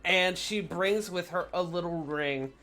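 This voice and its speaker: A woman narrating a tabletop game as game master in a relaxed, halting way, with fillers. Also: lowish voice.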